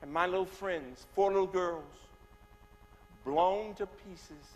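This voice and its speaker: A man, giving a personal testimony as a guest speaker, moving from hushed tones to rising, forceful delivery. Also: high voice, takes it slowly, soft background music. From Birmingham, Alabama. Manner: dramatic storyteller, swings from hushed to rising loud. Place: church. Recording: long reverb of a church hall.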